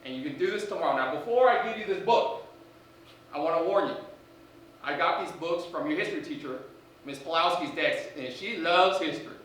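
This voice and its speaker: A man playing a clueless, over-friendly male high school principal with a Southern drawl, hearty and booming. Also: animated, fairly quick, a bit bright, a little hiss or hum. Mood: folksy. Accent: Southern US put-on. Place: live theater stage. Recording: echoey stage from a distance.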